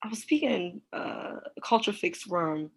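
A woman's voice: fairly low pitch, lively intonation, measured pace, creaky, slightly rough. A woman from Baltimore with a mild Baltimore accent, hosting a casual interview and laughing often. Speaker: podcast host.

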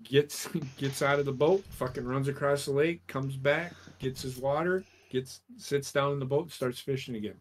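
A man co-hosting a casual podcast, telling an old joke with animated delivery and laughing at his own punchlines. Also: medium pitch, moderate pace, a little hiss or hum. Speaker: podcast co-host.

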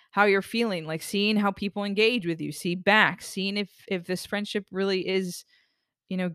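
A woman hosting a self-help talk podcast, speaking earnestly in a rambling, expressive way. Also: on the low side, dry recording, studio quality. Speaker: podcast host.

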